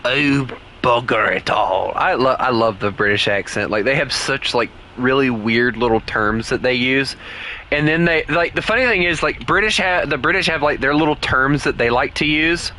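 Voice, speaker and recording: A man's voice: mid-range voice, normal speed, sharp tone, a little hiss or hum. A man with a Southern US accent giving rambling, casual commentary while playing a game. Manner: rambling, full of "like" and restarts. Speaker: gaming streamer.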